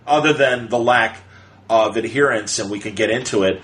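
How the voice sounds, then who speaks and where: Animated man chatting on a podcast. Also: medium pitch, rough recording. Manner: animated, fast retelling with playful quoted voices. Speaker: podcast co-host. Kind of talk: casual chat.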